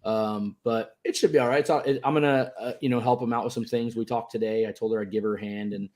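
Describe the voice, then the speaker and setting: A man being interviewed on a podcast, telling stories in an animated, casual way and acting out the people in them. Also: mid-range voice, fast. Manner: animated storyteller who acts out the people in his stories. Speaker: podcast guest, truck show organizer.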